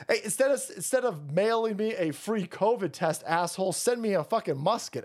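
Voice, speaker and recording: A man hosting a livestream, delivering a profane, rambling rant in fast bursts of casual commentary. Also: high-pitched, big pitch swings, a little mellow. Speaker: streamer host.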